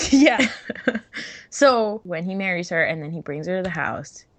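A woman's voice: lowish voice, animated, measured pace, a bit bright. A young woman co-hosting a podcast in casual chat, giggly and full of fillers. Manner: chatty and giggly, many fillers. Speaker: podcast co-host.

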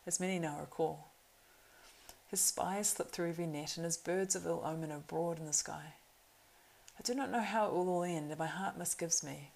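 A woman's voice: low voice, creaky, darkish tone, poor audio. A woman voicing a proud young male horse-lord marshal in an audiobook reading, earnest and urgent.

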